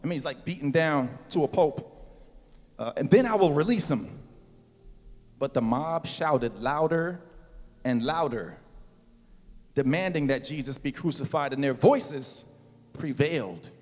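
Pastor guy preaching, talks loose and slangy, gets loud and fired up, high voice, long hall echo. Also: animated, measured pace, pauses often. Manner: casual preaching with slang, rising to loud emphatic calls. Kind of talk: sermon.

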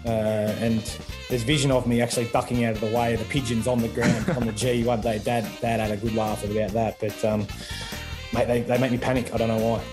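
A man's voice: medium pitch, a little fast, music in the background. A man in his thirties with an Australian accent, a former footballer chatting casually as an interview guest and calling the host mate. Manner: relaxed, laid-back, says mate often.

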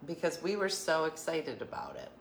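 A woman's voice: sits low, huge pitch swings, normal speed, reverberant, slight background noise. A woman hosting an online show, chatting casually with viewers and laughing as she tells stories. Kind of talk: casual live-stream chat.

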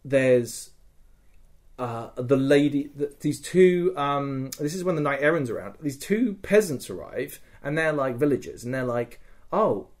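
Male podcast host, mid-pitched, casual storyteller, animated and sweary, always checking in with "right?". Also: a little slow.

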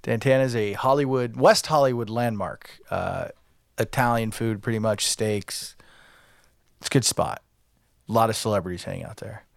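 A man's voice: fairly low pitch, normal speed, vocal fry, no echo, clean studio sound. A man co-hosting a podcast, telling a rambling story with lots of filler words and acted-out quotes. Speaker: podcast co-host. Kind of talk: casual storytelling.

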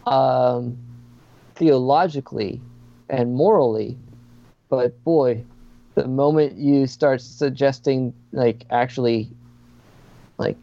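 A man's voice: mid-range voice, dark tone, no echo. A man talking as a podcast guest in a casual chat, earnest and hesitant, with many fillers. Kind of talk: casual conversation. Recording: dull lo-fi sound.

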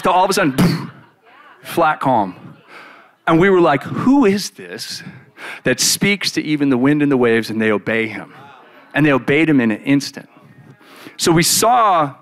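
A man preaching by retelling a Bible story in the first person, in an animated, casual way with many fillers. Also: fairly high pitch.

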